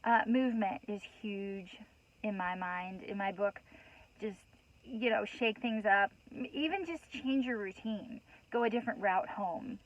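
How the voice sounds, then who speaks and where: A woman's voice: medium pitch, a little slow, muffled recording. A woman giving a heartfelt spiritual talk to her viewers, earnest and rambling, with many restarts and "you know"s, emotional and a bit worked up. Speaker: host.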